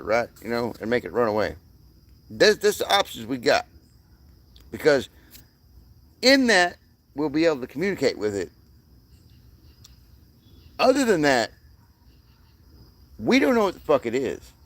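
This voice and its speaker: A man's voice: mid-range voice, no echo. A man delivering a rambling, profane monologue as the channel's host, often restarting his sentences.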